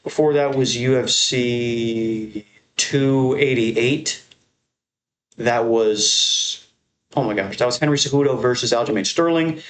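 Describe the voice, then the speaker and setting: A young man giving casual, profane, rambling commentary on his channel, ranking fight crowds with excitement. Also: mid-range voice, slow pace. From American Northeast. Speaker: MMA content creator. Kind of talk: casual tier-list commentary.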